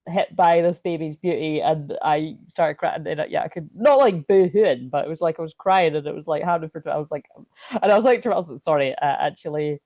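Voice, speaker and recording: A woman with a lowish voice hosts a spiritual astrology livestream, rambling and chatty as she reads viewer comments in casual livestream chat. The recording is muffled, with no echo.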